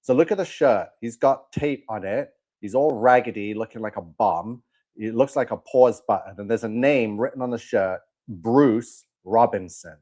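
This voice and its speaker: A man's voice: mid-range voice, moderate pace, a little mellow. Male commentary host, preachy, scornful, emphatic, mid-range voice. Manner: emphatic, scornful, warning repeatedly. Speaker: host of a religious commentary channel.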